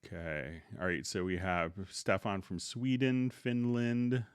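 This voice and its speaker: A middle-aged man hosts a live software tutorial stream, relaxed and unhurried, greeting viewers by name before demonstrating. His low voice is clear and resonant, captured with clean studio sound and no room sound.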